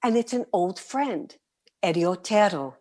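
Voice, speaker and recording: A middle-aged woman from New City, a guest performer telling her stories in an interview, lively and vivid, sometimes dropping to a whisper. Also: medium pitch, a little slow. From New York City. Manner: animated, vivid storyteller, breaks into soft whispers. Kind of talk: storytelling interview.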